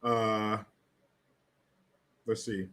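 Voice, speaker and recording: A man's voice: lowish voice, flat delivery, very slow, a bit bright. A man hosting a casual political commentary livestream, sarcastic and blunt, swearing freely.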